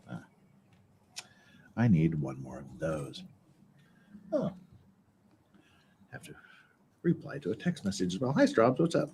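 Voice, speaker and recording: A man's voice: mid-range voice, mellow, highs cut off, a little hiss or hum. A man streaming casually as he builds Lego, rambling, joking and swearing to himself. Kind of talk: casual live-stream chat.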